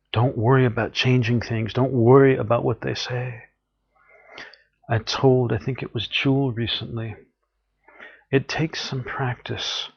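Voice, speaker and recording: A man's voice: medium pitch, gravelly, dull audio. A man giving an earnest, encouraging spiritual talk, often acting out what people say. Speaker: spiritual teacher.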